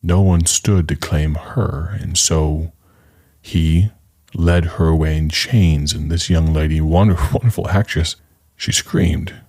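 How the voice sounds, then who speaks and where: A man in his thirties or forties with a very low, deep voice, hosting a radio ministry program. He talks in an earnest, conversational way as an evangelist, setting up a story before a sermon. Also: fairly even intonation, a little slow, darkish tone. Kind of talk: radio ministry broadcast introduction.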